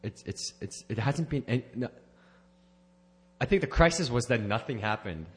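At a moderate pace and in an expressive mid-range voice, a man shares his personal testimony at church as a church member. He rambles and corrects himself, with small laughs along the way.

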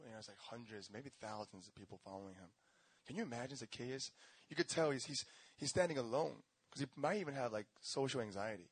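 With a mid-range, slightly rough voice and a somewhat fast delivery, a young pastor tells his own testimony in a sermon. He's animated and slangy, voicing characters and veering between laughter and shouts.

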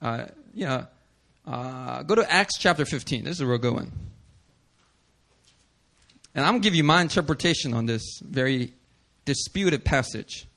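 A male pastor preaching a sermon, animated and casual, slipping into slang and acting out the characters in the passages. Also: normal speed, long pauses. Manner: animated, acts out scripture voices with big pitch swings.

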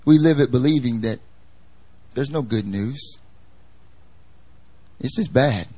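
A man's voice: medium pitch, takes it slowly, dark tone, dry recording. A male pastor giving a conversational sermon in a chatty, emphatic manner, repeating his key phrases for effect. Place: church service.

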